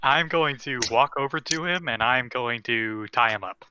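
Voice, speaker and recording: A man's voice: medium pitch, moderate pace, pushed and bright, highs cut off, a little hiss or hum. A man playing a tabletop game, taking charge of his character's moves. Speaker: player.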